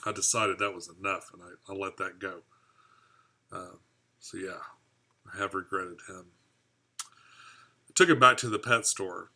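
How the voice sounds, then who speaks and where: A man's voice: fairly low pitch, pushed and bright. A man from the United States hosting a casual live stream about his aquarium hobby. He rambles and chats while answering viewer comments. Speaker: aquarium hobby channel host.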